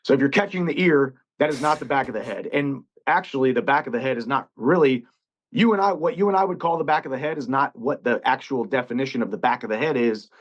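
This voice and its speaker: A man calmly explaining himself in an interview, with a few ums. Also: mid-range voice, quick pace. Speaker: interviewed fighter. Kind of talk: interview answer. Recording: dull lo-fi played interview clip.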